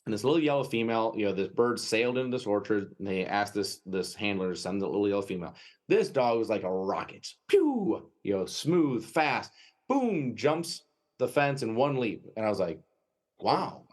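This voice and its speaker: A man with a Wisconsin accent, a guest telling a lively anecdote in an interview and often tagging his sentences with "right?". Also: lowish voice, fairly quick. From United States. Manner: lively anecdotal storytelling, frequent "right?" tags. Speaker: guest, dog trainer. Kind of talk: storytelling interview.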